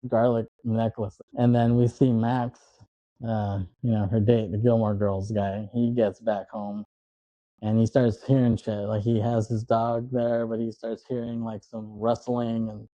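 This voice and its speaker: A man with a very dark, mellow voice chats casually on a podcast, retelling a movie's plot in a loose, rambling way. He dips into brief put-on voices for the characters. The sound is dry and a little dull, like lo-fi podcast audio. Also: lowish voice, level tone, a little slow, no room sound. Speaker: podcast co-host. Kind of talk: casual film recap chat.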